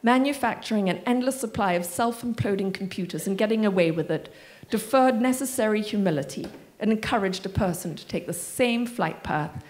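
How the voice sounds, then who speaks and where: A woman's voice: medium pitch, fairly quick. A woman author in a library community room, reading expressively from her memoir and answering audience questions with wry asides.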